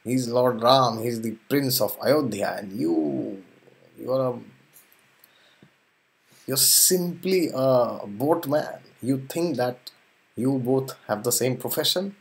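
A man voicing an angry, hot-tempered warrior prince in a scripture tale, threatening slowly and emphatically. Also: medium pitch, creaky. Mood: furious.

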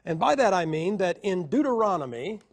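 A man's voice: sits high, sing-song. Emphatic man lecturing to a class. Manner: emphatic, asks the audience questions; counts syllables slowly. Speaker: Bible teacher.

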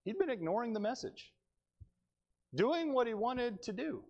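A male preacher delivering a sermon in church, telling the story with animated, dry humor. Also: very high-pitched, moderate pace, muffled recording.

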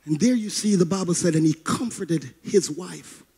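A male pastor preaching a sermon in a chanted, sing-song cadence with rhythmic breaths, building to shouted passages. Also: high voice, normal speed, husky. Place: church service.

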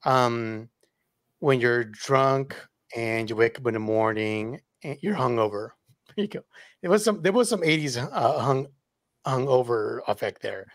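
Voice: medium pitch, measured pace, no echo, clean studio sound. A podcast co-host chatting casually in a rambling, laughing way. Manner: rambling, laughs often, lively. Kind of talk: casual chat.

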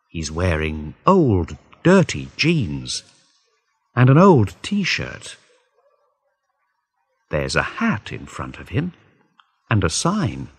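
A male reader narrates a graded story at a very slow, deliberate pace. His voice is fairly low and slightly husky, with a widely rising and falling tone. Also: fairly bright tone. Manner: deliberate, clearly spaced phrasing.

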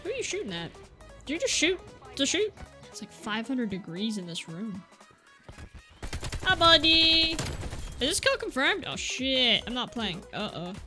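A young woman giving excitable live gameplay commentary from a room at home, exclaiming and repeating words in bursts. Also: fairly high pitch. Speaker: gaming YouTuber.

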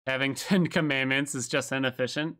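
While playing a video game on stream, a man rambles and jokes casually with his chat. His mid-range voice sounds pushed and bright, with fairly even intonation and a fairly quick pace.

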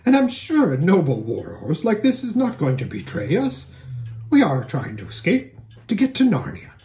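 A man doing a meek, high talking mare. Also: huge pitch swings, moderate pace, dark tone, roomy sound. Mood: earnest. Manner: meek, plaintive. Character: timid gentle talking mare, sweet.

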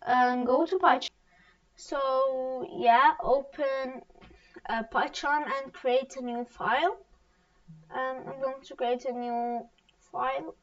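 A woman walking learners through a coding tutorial on screen, halting with many fillers and restarts. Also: sits high, fairly even intonation. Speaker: coding teacher. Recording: distant, dull lo-fi mic.

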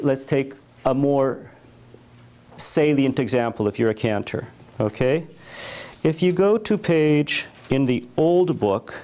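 A man giving a workshop lecture on church cantoring, explaining casually and sometimes singing slow chant lines. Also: medium pitch, darkish tone. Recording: faint background noise.

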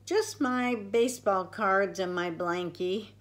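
A woman's voice: mid-range voice, takes it slowly, natural voice. A woman voicing a nervous, jumpy young boy in a storybook reading. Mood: worried.

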